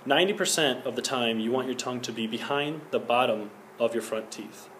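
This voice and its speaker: A man's voice: mid-range voice, fairly quick, a bit bright, a little hiss or hum. Young man teaching singing basics. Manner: earnest, instructive, demonstrates sung vowels. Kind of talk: school project tutorial.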